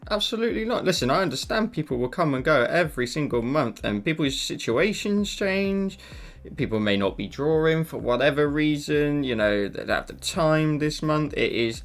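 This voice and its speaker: A man hosting a live drawing stream, reassuring viewers and speaking to them by name in a casual, chatty way. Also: medium pitch. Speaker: live-stream art host.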